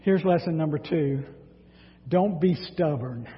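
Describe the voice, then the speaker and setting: A man preaching a sermon, reading scripture dramatically and speaking in an animated way. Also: a little high, measured pace. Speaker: pastor. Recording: dull sound with long hall reverb.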